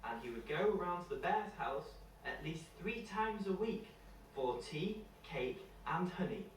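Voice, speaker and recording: A man's voice: a little high, slight background noise. A man narrating a children's story in a playful way, with a moral at the end, in an echoey room heard from far off. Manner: slow, lively, playful.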